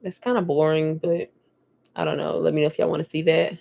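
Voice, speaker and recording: A woman vlogging at home, telling stories in a candid, profane, lively way. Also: low-pitched, a little fast, creaky. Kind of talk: casual chat to camera.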